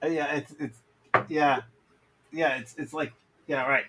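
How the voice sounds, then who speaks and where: A man's voice: fairly high pitch, fairly even intonation, measured pace, very noisy. A man hosting a comedy show, joking in loose banter with hesitant ums and uhs. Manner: jokey, hesitant, fills with um and uh. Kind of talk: joking banter among hosts.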